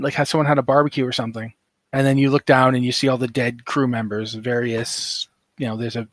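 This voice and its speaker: A man runs a tabletop game in a middle-pitched voice, rambling through vivid scene descriptions with plenty of fillers. The recording is dry and close. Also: a bit bright, dry recording. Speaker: game master.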